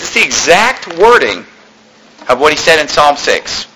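A man preaching a sermon, emphatic and conversational, often quoting old-style scripture and dropping his voice to a hush for effect. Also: a little high, very animated, a little slow, slight background noise, poor audio. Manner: emphatic, swings between loud and hushed; quotes King James scripture aloud.

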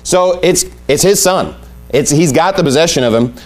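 A man's voice: on the high side, expressive, moderate pace, darkish tone, soft background music. A man preaching a sermon, emphatic and repeating his key points as he reads scripture aloud. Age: adult with young family.

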